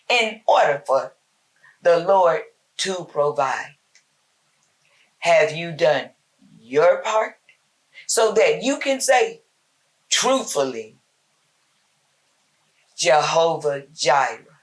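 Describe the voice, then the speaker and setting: Woman host, folksy devotional preacher; unhurried, deliberate, lower pitch. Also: lively intonation. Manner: slow, emphatic, folksy preaching with repetition. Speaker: host giving a short Bible talk. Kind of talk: informal spoken devotional.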